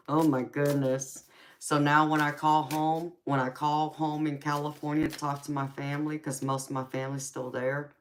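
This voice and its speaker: A woman's voice: deep voice, slight background noise. A woman with a Southern US accent in casual live chat as a tarot reader, laughing often and calling listeners "baby". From United States.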